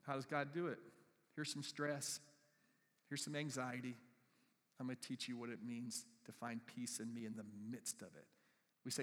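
A male pastor delivers a sermon in a conversational way and keeps turning to his congregation with questions. His voice sits at an ordinary pitch. It rings with the long reverb of a church sanctuary. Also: fairly even intonation, normal speed, long pauses, fairly bright tone.

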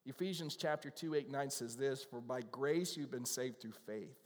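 A man's voice: medium pitch, normal speed. A man preaching a sermon in a conversational, earnest way who is moved to emotion easily. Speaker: pastor. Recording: long hall reverb.

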